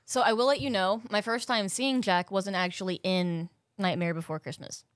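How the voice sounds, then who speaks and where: Woman, podcast co-host, casual chat, swears freely, mid pitch, dry close sound. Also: steady tone, normal speed, dry recording. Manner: chatty, swears freely, eager to share movie trivia.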